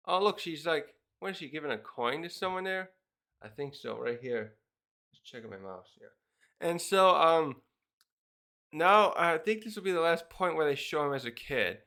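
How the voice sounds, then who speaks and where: A man's voice: fairly high pitch, expressive, sharp tone. A man giving a casual spoken review of a manga chapter, rambling and briefly acting out the characters' lines. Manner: rambling, acts out character lines in quick put-on voices.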